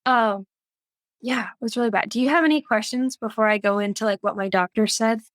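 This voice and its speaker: A woman's voice: on the high side, steady tone, fairly quick, no echo. A woman guest on a podcast, earnestly recounting a personal experience, with many fillers. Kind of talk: personal story in an interview.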